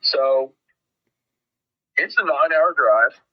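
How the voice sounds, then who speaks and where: A man's voice: mid-range voice, takes it slowly. A man telling a rambling, profane road story as a guest in a casual podcast chat. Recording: dull lo-fi sound.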